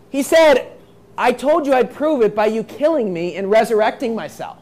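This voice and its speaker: Guy preaching a sermon, real high voice, reads the bible then hammers it home. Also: animated, normal speed. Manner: reads scripture aloud then explains it in plain talk; emphatic, repeats points, acts out quoted voices.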